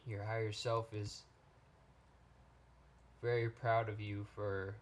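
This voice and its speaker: Man, tarot reader; slow, even delivery, low and flat, halting gentle phrasing. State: choked up, near tears. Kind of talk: pick-a-card tarot reading.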